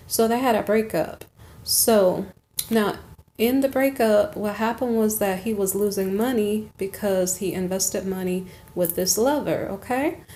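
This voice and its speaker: A woman's voice: medium pitch, a little mellow, a little hiss or hum. A woman giving a chatty, rambling tarot reading, checking in with "okay?" between asides. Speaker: tarot reader. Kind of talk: casual tarot reading monologue.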